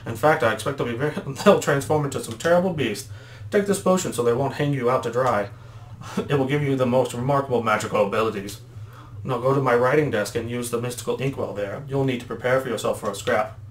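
A man's voice: medium pitch, fast talker, close to an everyday voice. A man doing a wise old kettle elder. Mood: warning. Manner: warning, unsteady put-on voice. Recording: roomy echo, faint background noise.

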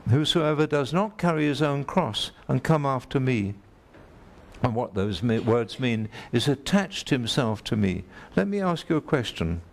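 A man's voice: mid-range voice, big pitch swings, unhurried, creaky, slight background noise. A man preaching a sermon to a congregation, emphatic, repeating key phrases and putting direct questions to his listeners.

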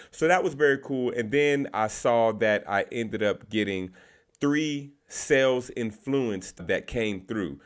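A man's voice: mid-range voice, fairly bright tone, clean tone. A man talking casually to camera, sharing tips from his sales calls and often repeating words as he goes. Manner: conversational, repeats words, restarts phrases.

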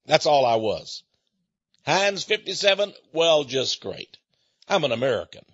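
A man's voice: fairly high pitch, sing-song, a little slow, fairly bright tone, breathy edge, no echo. A man from Texas, a radio host, speaking in a folksy conversational monologue and chuckling often. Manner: folksy storytelling with frequent chuckles. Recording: dull lo-fi recording.

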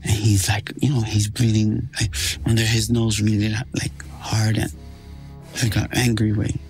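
Gravelly man recounting a tense story. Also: lowish voice, flat delivery, darkish tone. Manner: halting, filler-heavy retelling. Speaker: podcast storyteller. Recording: podcast clip with music underneath.

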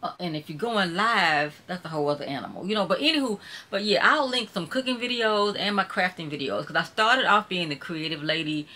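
A chatty woman with a Mississippi Southern accent, talking casually to her live-stream viewers in a bright, forceful voice. She rambles in a warm, folksy way, calling her audience "child" and "y'all". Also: fairly low pitch, a little fast. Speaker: YouTuber hosting a live stream.

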